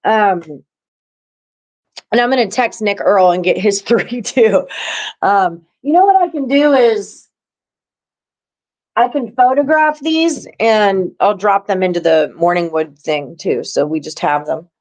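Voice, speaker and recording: A woman's voice: mid-range voice, unhurried, darkish tone, low-quality recording. A woman hosting a live sports-betting stream, chatting loosely with viewers and co-hosts. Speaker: sports betting show host. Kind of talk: casual live-stream chat.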